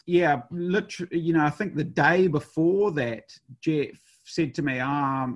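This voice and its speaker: A man's voice: fairly high pitch, measured pace, husky. A man in his fifties, a race skipper, telling stories in a rambling way with lots of fillers and restarts. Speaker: professional sailor, race skipper. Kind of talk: conversational storytelling.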